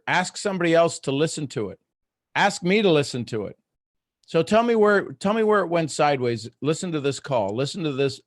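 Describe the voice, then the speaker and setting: A man's voice: medium pitch, no room sound, studio quality. A middle-aged man hosting a live online coaching talk, speaking earnestly with many restarts as he explains his points. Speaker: host.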